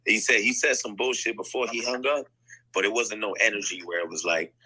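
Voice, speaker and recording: A deep-voiced man tells a story in a casual voice chat. His voice sounds husky yet very bright. He talks bluntly and swears a lot, with fillers everywhere. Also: steady tone, a little fast, poor audio. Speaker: guest rapper telling a story. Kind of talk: casual chat in an audio chat room. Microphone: phone mic in an online audio room.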